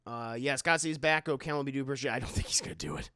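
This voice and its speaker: A man's voice: medium pitch, fast, gravelly, sharp tone, no room sound, clean studio sound. A man live-streaming, rambling through casual commentary and reading out his chat, often stumbling and repeating words.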